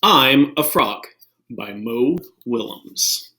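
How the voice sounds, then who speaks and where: A man teaching first graders from his living room, reading a picture book aloud in a lively storytelling manner. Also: mid-range voice, extremely slow, low-quality recording. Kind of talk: read-aloud lesson for kids.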